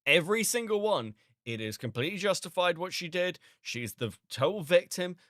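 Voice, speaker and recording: Male commentary host, sarcastic and disbelieving, animated swooping delivery, dry close mic. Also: high-pitched, moderate pace, no room sound. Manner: sarcastic, incredulous, swearing a lot. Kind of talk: reaction commentary.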